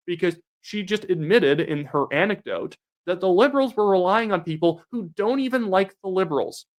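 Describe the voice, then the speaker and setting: A young man giving solo political commentary in a combative, sarcastic manner. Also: on the high side. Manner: sarcastic, combative, rapid reactions.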